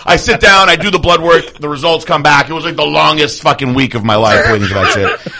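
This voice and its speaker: Young male guest, loose and profane, telling an animated story in plain conversation. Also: fairly high pitch, fairly quick, creaky. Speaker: guest athlete and trainer. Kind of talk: casual storytelling.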